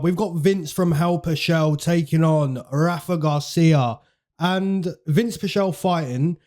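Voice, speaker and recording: A man's voice: a little high, darkish tone. A man hosting fight predictions in casual, chatty commentary, repeating phrases for emphasis and using slang.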